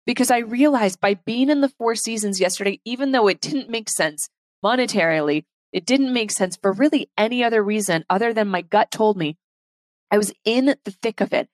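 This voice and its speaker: A woman hosting a podcast, speaking earnestly and from the heart in an unhurried solo monologue. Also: mid-range voice, dry recording. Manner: reads a poem aloud slowly and softly. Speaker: podcast host. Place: London.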